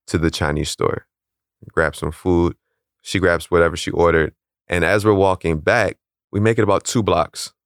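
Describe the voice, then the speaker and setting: A young man calmly and plainly recounting a personal story in a casual interview. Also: low voice, dry recording, clean studio sound. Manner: calm, matter-of-fact, chuckles at odd details.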